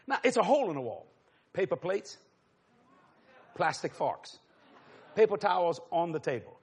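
A middle-aged preacher tells a story in a sermon, acting out the voices of other people. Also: male voice, high voice, normal speed, long pauses, husky. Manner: animated, acts out voices, chuckles.

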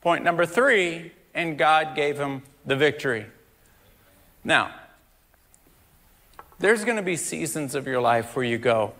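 Guy pastor preaching, high bright voice, slow and drawn out, gets shouty. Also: animated. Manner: builds to loud shouted preaching, then drops low. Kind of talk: sermon.

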